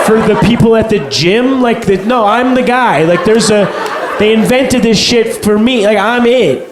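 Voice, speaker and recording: A man's voice: sits high, moderate pace. A young man doing a rambling, profane, self-deprecating stand-up set on a comedy stage. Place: comedy stage before a live audience. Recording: live club recording with loud crowd noise.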